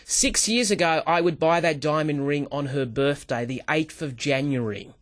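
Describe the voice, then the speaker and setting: A man, a sales trainer appearing as a guest, who tells stories in an animated way, acts out dialogue and keeps addressing the host by name. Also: on the high side, moderate pace. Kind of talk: animated interview talk.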